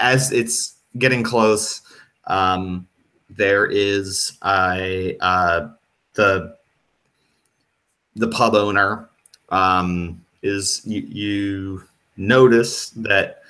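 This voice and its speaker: A man's voice: on the low side, fairly even intonation, drawn-out words, bright, forceful tone. A man narrating as game master of a tabletop horror game, hesitant, with many ums and restarts.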